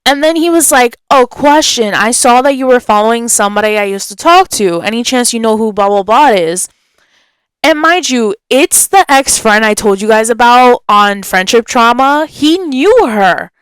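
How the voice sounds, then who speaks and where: A young woman hosting a podcast, telling a story in a chatty, animated way and acting out what people said. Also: fairly high pitch, moderate pace, smooth, no room sound. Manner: animated, chatty, acts out quotes. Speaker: podcast host. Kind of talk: casual storytelling.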